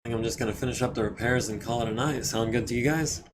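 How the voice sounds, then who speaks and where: A man casually talking through repairs while streaming a strategy game, his throat a bit scratchy and often cleared. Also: mid-range voice, fast. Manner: relaxed, thinking aloud while managing repairs. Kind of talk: casual let's-play commentary.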